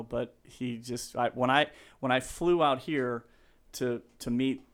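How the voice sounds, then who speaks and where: Gravelly fifty-something guy rambling thru stories, yells out the quotes. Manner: rambling, animated, acts out quotes in a high yell. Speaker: guest. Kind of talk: casual storytelling interview.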